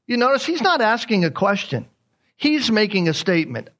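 Emphatic high-voiced male preacher. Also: sing-song, normal speed, fairly bright tone. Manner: emphatic, repeats key points. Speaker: pastor. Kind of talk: sermon.

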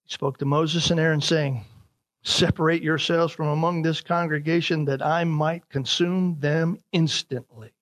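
A man preaching a sermon, reading scripture aloud and explaining it. He presses phrases with rising force, slows on key lines and drops to a hushed tone in prayer. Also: on the high side, fairly even intonation.

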